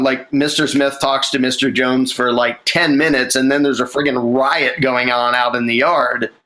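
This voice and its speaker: Bright-voiced man rambling about a script. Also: mid-range voice, poor audio. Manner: rambling, many restarts and fillers, acts out lines. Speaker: screenwriter. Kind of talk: casual conversation about a film script.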